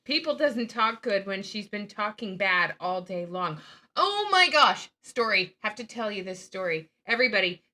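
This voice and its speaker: A woman's voice: mid-range voice, moderate pace. A woman host chatting casually and sarcastically while reacting to videos and telling stories. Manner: sarcastic, animated storyteller. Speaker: channel host. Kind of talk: casual commentary chat.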